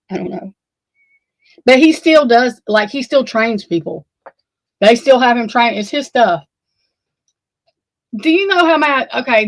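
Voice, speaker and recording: A woman's voice: mid-range voice, no echo, low-quality recording. Female streamer, rambling, cusses, dry close mic. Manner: flustered, rambling, swears freely. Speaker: livestream host. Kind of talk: casual livestream chat.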